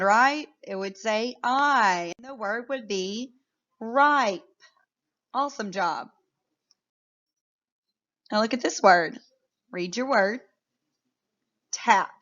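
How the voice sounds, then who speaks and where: A woman teaching a phonics lesson to young children, sounding out words clearly and praising often. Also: mid-range voice, a bit bright, muffled recording.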